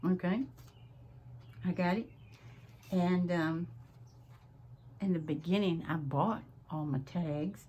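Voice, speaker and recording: A woman with a Southern US accent, chatting casually at her home craft desk as she hosts a crafting vlog, drawn-out and full of laughs. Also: lowish voice, mellow, husky, highs cut off. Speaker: crafting channel host.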